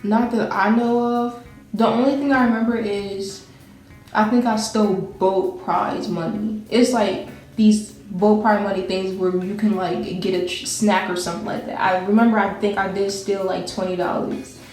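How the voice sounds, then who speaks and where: A woman's voice: medium pitch, fairly even intonation, moderate pace, a little mellow. A young woman telling a personal story in casual chat, rambling and laughing as she goes. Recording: very echoey room with faint music.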